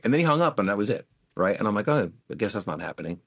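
A man's voice: lowish voice, rapid-fire, creaky, husky, dry recording. A middle-aged man, a guest musician, telling career anecdotes in an interview and acting out what others said. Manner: animated anecdotes, acts out quoted voices. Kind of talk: storytelling interview.

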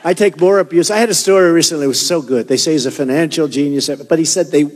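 A man's voice: fairly high pitch, fast. A man in his sixties giving a boastful, rambling campaign rally speech in a hot hall. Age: 60s. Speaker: political candidate. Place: hot indoor hall with a crowd. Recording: reverberant hall with crowd noise.

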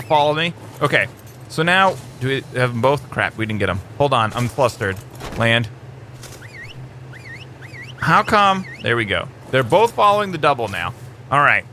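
Excitable, bright-voiced gaming commentator guy. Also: slight background noise. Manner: excitable, chatty, bursts into high squeals. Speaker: gaming channel host. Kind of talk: let's play commentary.

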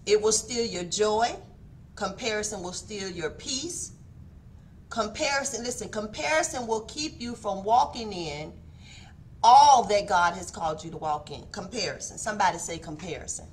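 A woman's voice: medium pitch, lively intonation, normal speed, a little hiss or hum. A woman giving a morning devotional talk, preachy, repeating words for emphasis and calling for responses. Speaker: devotional speaker. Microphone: online stream mic.

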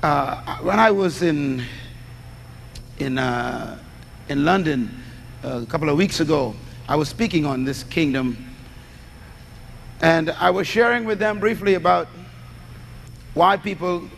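Man, preacher, high voice, sermon, call-and-response questions, long hall echo. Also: a little slow, creaky, long pauses, a little hiss or hum.

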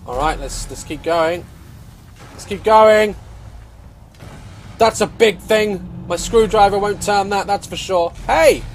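A man hosting a let's-play, loud and excitable, swearing and taunting enemies as he plays. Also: sits high, moderate pace, hardly any pauses, slight background noise. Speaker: gaming video host.

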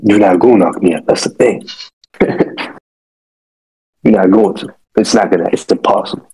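A man's voice: sits low, moderate pace, a little mellow, slightly rough, low-quality recording. A man on a video call hurling aggressive, profane threats at a rival. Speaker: streamer and fighter. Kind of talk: trash-talking video call.

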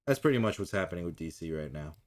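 A man's voice: deep voice, lively intonation, fast, darkish tone. A man co-hosting a casual review podcast, ranting with lots of swearing and acting out little impressions of people. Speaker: podcast co-host. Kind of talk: casual chat.

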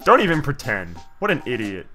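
A young man giving jokey, sarcastic, animated gameplay commentary as a let's play host. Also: medium pitch, brisk, faint music behind.

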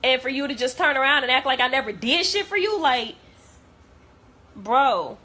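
A woman's voice: high voice, expressive, moderate pace, pushed and bright. A young adult woman vlogger in a blunt, profane, hurt and heartfelt rant to camera.

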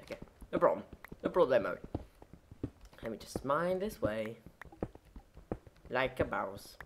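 Brief: woman, low voice with a lively, swooping pitch, casual rambling game commentary. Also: slight background noise. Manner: rambling, goofy, self-correcting, lots of fillers. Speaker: gameplay commentator. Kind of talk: casual let's-play commentary.

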